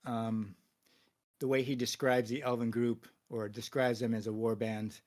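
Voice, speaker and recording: A man narrating as game master for a tabletop game, in a casual, halting way full of fillers. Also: medium pitch, flat delivery, a little mellow.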